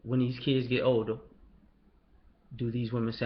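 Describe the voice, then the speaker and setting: A man's voice: medium pitch, little pitch movement, moderate pace, slight background noise. A man giving a casual, blunt, profane monologue, sometimes mocking others in put-on voices. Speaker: commentator. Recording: dull lo-fi recording.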